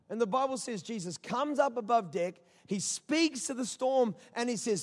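A man's voice: high voice, lively intonation, normal speed. Male pastor, impassioned sermon, stacks rhetorical questions, large echoing auditorium. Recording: long reverb of a large auditorium.

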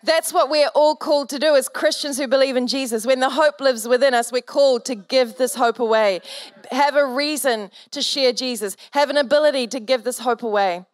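A woman's voice: sits high, brisk, dry recording, clean studio sound. A woman pastor preaching a sermon, telling a story earnestly and building to fervent exhortation.

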